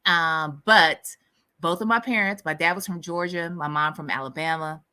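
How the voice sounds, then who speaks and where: A woman's voice: low voice, moderate pace, smooth. Sassy woman with a light Southern lilt. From US Midwest. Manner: sassy and animated, laughs often. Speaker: livestream host. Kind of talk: casual chat with live viewers.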